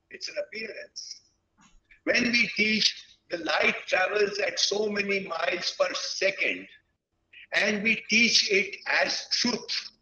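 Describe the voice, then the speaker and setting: A man in his sixties from India, giving an earnest, reflective lecture to teachers and pausing often mid-sentence. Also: sits high, pushed and bright, muffled recording. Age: 60s. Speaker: guest speaker at a teachers' webinar. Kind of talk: lecture-style talk.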